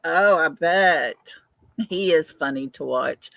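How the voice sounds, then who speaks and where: A woman's voice: low-pitched, slow, gravelly, fairly bright tone, no room sound, muffled recording. An older woman hosting a casual livestream, chatting, answering viewer comments and laughing often. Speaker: livestream host.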